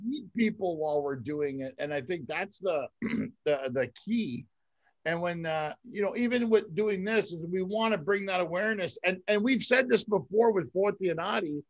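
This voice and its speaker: A man hosting a podcast in casual chat, relaxed and rambling, often repeating words. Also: sits high, normal speed, dull audio. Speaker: podcast host.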